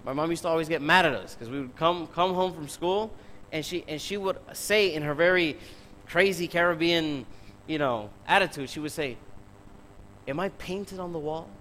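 A male preacher delivers an emphatic sermon with a fairly high voice. He keeps asking the congregation rhetorical questions and speaks to them directly. A faint hum runs behind him. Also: moderate pace, fairly bright tone, low-quality recording.

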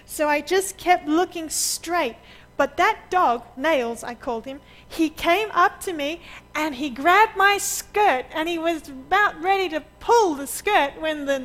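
Woman preacher with a high voice, chatty storytelling sermon, laughs a lot. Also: low-quality recording. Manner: lively anecdotal storyteller who laughs often.

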